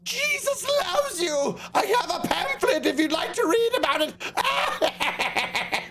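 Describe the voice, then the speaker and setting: A pushy male street preacher chirps out his pitch in a very high, lively voice, done by a man. He is eager and close to laughing. This is a joke voice from a game stream. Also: slow, background noise, exaggerated voice. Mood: chirpy pushy.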